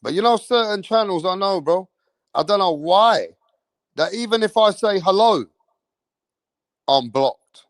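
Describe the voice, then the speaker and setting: Unhurried and expressive, this high-pitched English man pauses often as he rants angrily on the livestream of the boxing channel he hosts. He swears constantly and repeats himself. The recording is dry and clean, with studio sound.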